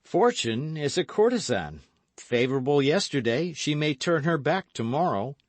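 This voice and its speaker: A man's voice: fairly high pitch, big pitch swings, normal speed, no echo, pitched above the performer's own voice. A man reading an audiobook voices a passionate, rash young swordsman who speaks in impassioned exclamations. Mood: ardent.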